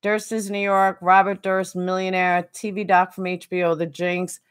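A woman's voice: lowish voice, level tone, moderate pace, smooth. A woman streaming a game, chatting casually and answering viewers by name. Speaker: game streamer reading chat. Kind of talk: casual chat while gaming.

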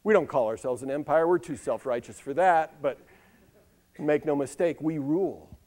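Older male monologist, slightly high voice, dry ironic newscaster delivery, live stage. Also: darkish tone. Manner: wry, ironic, with dramatic pauses and lists. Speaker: monologist performing for a live audience. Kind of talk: comic spoken-word monologue with news-style delivery.

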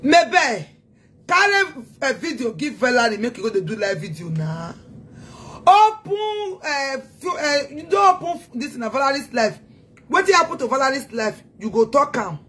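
A woman's voice: high voice, big pitch swings, normal speed, a bit bright, slight background noise. A woman with a Nigerian accent delivering a heated, taunting social media rant as a self-styled activist. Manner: taunting, scolding, emphatic.

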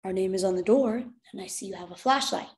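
A woman reading as a firm, steady father. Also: medium pitch, fast, natural voice. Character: steady, firm father defending his family.

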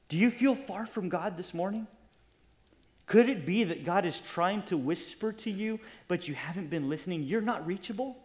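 A man's voice: high-pitched, normal speed. A man preaching a sermon as pastor, impassioned and putting direct questions to his congregation.

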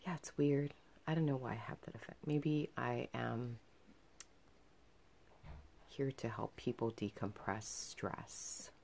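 A woman's voice: rumbling low, steady tone, slow pace, creaky, long pauses, a little mellow, slight background noise. A young adult woman telling a personal story in a casual vlog, chatty and earnest, full of fillers. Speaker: vlogger.

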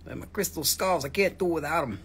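A man hosting a live crystal sale, joking and rambling with viewers, his throat acting up so he keeps clearing it. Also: a little high, brisk, a bit bright, slight background noise. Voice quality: gravelly, husky. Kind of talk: casual livestream sales chat. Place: shop studio, indoors.

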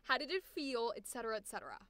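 Bright, encouraging woman voice coach. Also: on the high side, sing-song, fast, clean tone, no echo. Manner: enthusiastic, encouraging. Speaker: voice acting coach. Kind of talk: live coaching session.

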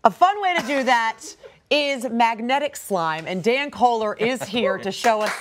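Lively woman co-hosting a daytime show. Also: fairly high pitch, unhurried. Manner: lively, introducing guests. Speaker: talk show co-host.

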